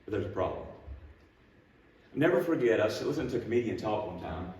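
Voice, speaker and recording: A man's voice: on the low side, very animated, fast, a little mellow, slight background noise. A man teaching a church Bible class, telling stories in a plainspoken, self-deprecating way. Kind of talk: storytelling Bible class lesson. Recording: echoey room, mic far off.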